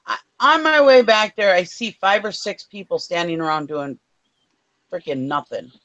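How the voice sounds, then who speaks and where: A woman's voice: fairly low pitch, moderate pace, fairly bright tone, rough recording. Fired-up woman telling a complaint story. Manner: fired-up storytelling, swears freely. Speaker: co-host. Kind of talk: casual chat.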